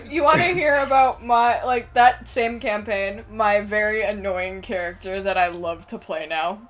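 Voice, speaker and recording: A woman's voice: medium pitch, unhurried, soft background music. A young woman hosting a stream, chatting casually in a giggly, rambling way and swearing freely. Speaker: streamer host. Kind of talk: casual chat.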